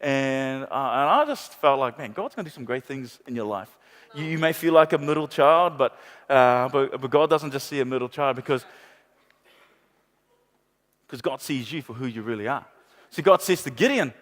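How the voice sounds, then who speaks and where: A middle-aged pastor, preaching a sermon with passionate repetition and playful asides. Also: male voice, medium pitch, lively intonation, moderate pace, a bit bright, big-room sound. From New Zealand. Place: large church hall.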